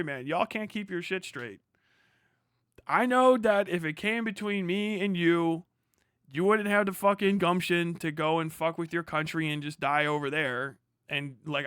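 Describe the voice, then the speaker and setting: A man hosts a livestream and rants in a profane, sarcastic ramble. His voice sits a touch higher than most men's. It sounds dry and close, with no room around it. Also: a bit bright, clean tone, no echo. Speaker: livestream host. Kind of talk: casual stream rant.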